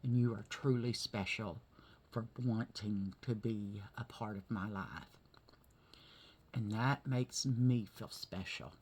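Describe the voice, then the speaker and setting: A woman talking through a hard day in a vlog, teary and halting, often asking "okay?" and sometimes dropping to a whisper. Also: a bass voice, steady tone, a little mellow, slightly rough. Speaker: vlogger. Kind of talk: emotional personal vlog.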